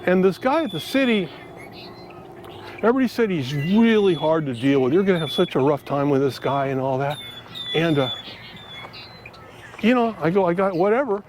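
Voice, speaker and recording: A man's voice: a little high, animated, normal speed, long pauses, darkish tone. A middle-aged man vlogging outdoors in a park, telling stories in a rambling, earnest way with many fillers and restarts. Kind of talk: casual storytelling to camera. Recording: outdoor ambience with faint background noise.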